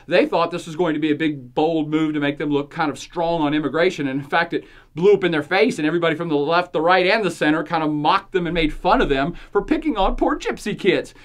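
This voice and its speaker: A woman's voice: deep voice, fast, hardly any pauses. A woman hosting a podcast, giving opinionated commentary in a jokey, sarcastic way and laughing often between points. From United States. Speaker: podcast host.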